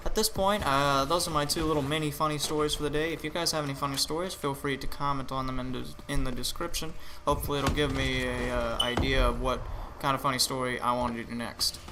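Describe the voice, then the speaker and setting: Talking fast in a medium-pitched, steady voice with hardly any pauses, the weary gaming host yawns through relaxed, meandering commentary on his gameplay, restarting often and using many fillers. Clicks and noise fill the home recording.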